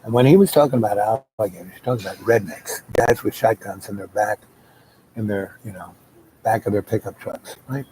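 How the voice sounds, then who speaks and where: A man's voice: lowish voice, fairly quick, dark tone, a little hiss or hum, low-quality recording. A man telling a long personal story in a casual, rambling way and coughing now and then. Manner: rambling, with many fillers and restarts.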